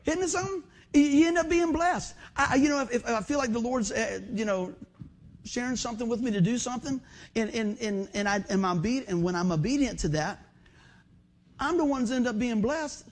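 A man's voice: very high voice, a little fast. A man preaching a sermon in a folksy, storytelling way, often saying "man". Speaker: pastor.

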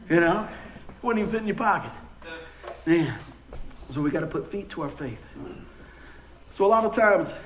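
Folksy pastor preaching, echoey church. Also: male voice, high-pitched, a little hiss or hum. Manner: folksy, joking, animated storytelling. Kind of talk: sermon. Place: church sanctuary.

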